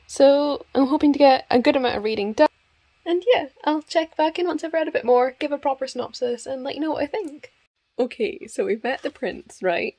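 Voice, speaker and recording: A young Scottish woman chatting casually to camera in a vlog, wry and quick to laugh. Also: sits high, darkish tone. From Scotland. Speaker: book vlogger.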